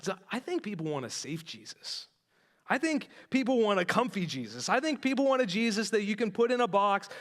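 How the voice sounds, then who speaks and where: A male pastor giving a conversational sermon, retelling a story with lively asides and direct questions to the congregation. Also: high-pitched, a little fast. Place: church sanctuary.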